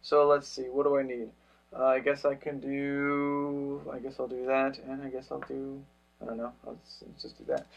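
A man's voice: mid-range voice, level tone, normal speed, gravelly, highs cut off. A man playing a dice game on a review show, thinking aloud hesitantly. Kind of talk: casual play-through chat.

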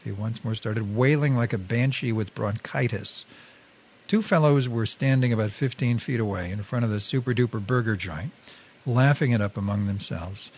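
A man reading a first-person story aloud in a measured, wry storytelling manner. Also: mid-range voice, darkish tone, husky. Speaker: reader.

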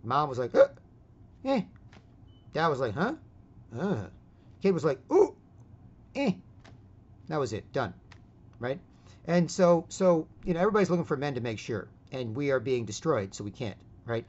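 On dull lo-fi audio, a man hosts an online voice chat in an animated, medium-pitched voice at a fairly quick clip. He keeps ending lines with "right?" as he rants loosely and casually.

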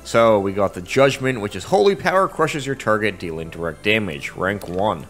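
A man's voice: on the low side, expressive, normal speed, hardly any pauses, a bit bright, faint music behind. A man giving casual, rambling let's-play commentary on a game. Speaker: gamer.

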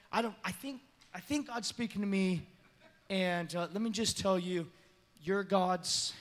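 A pastor preaching a story-driven sermon in a church, lively and animated, acting out the people he quotes and laughing as he goes. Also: sits high, unhurried. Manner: animated, acts out quoted voices, laughs often. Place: church sanctuary.

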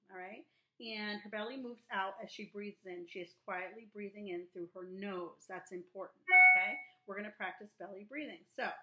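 A woman teaching young children, sounding out words slowly and repeating them in a sing-song way. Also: medium pitch, sharp tone, echoey room. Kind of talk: remote lesson for young children.

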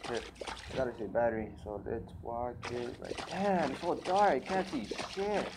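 A man giving casual commentary on a horror game, jumpy and swearing, breaking into panicked shouts. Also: medium pitch, moderate pace, background noise. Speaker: gaming video creator.

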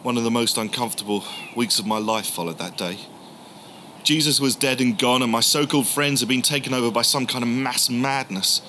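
A man telling the story in the first person as a grieving, doubting male disciple, halting and emotional, repeating words. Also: mid-range voice, sharp tone, a little hiss or hum, natural voice. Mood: angry.

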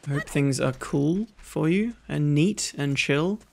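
A host giving relaxed, rambling ASMR gameplay commentary, low energy and self-mocking, with game music behind. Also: slow pace, gravelly. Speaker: gaming channel host. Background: video game music.

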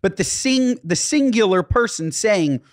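Deadpan high-pitched male co-host. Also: a little slow. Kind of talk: casual comedic chat.

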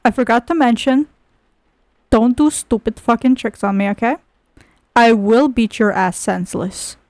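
A woman's voice: on the high side, normal speed, darkish tone, no echo. A woman giving comedic let's-play commentary, scolding in an exasperated, foul-mouthed way. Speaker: gaming video creator.

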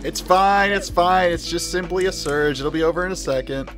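A man's voice: high voice, normal speed, over music. A man chatting and laughing with friends on a game voice call, making amused remarks. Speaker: gamer on a voice call. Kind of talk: joking game chat.

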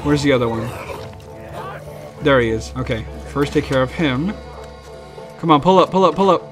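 A man giving casual gameplay commentary, panicking, swearing and repeating himself in quick bursts. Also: mid-range voice, animated. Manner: panicky, swears a lot, repeats words rapidly. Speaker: let's play gamer. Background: loud game music.

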